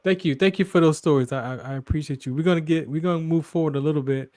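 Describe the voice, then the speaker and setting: A man's voice: fairly high pitch, fast, darkish tone, dry recording. A man hosting a casual interview, asking friendly questions and adding brief encouraging replies. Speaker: host.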